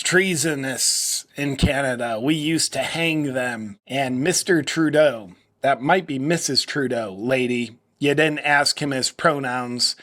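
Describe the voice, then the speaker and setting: A man's voice: medium pitch, fairly bright tone. A man in his forties hosting a political commentary video, mocking and sarcastic, switching into an ad read. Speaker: host.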